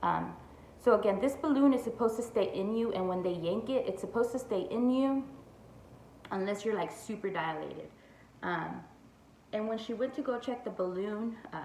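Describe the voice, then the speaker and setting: A woman's voice: medium pitch, moderate pace, darkish tone, a little hiss or hum. Chatty young woman telling a story. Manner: chatty, says "like" and "y'all" a lot. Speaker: vlogger. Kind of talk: storytime vlog. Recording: echoey room with faint ambience.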